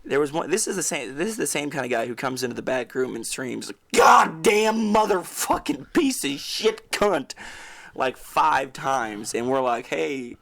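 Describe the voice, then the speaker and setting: A man's voice: mid-range voice, expressive, moderate pace, gravelly, few pauses, fairly bright tone. A young man co-hosting a casual podcast, telling rambling stories with lots of swearing and laughter. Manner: rambling storyteller, swears a lot, laughs often. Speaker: podcast co-host. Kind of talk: casual chat.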